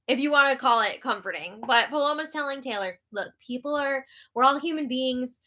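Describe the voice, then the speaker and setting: A woman hosting a live reality-show recap, animated and exasperated as she reads out viewer comments. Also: high voice, normal speed, few pauses. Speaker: host.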